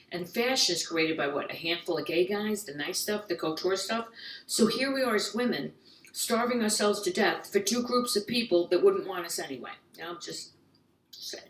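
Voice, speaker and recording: An American woman doing a stand-up comedy monologue, quick and jokey, slipping into little voiced asides. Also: mid-range voice, echoey room, far from the mic, rough recording. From United States.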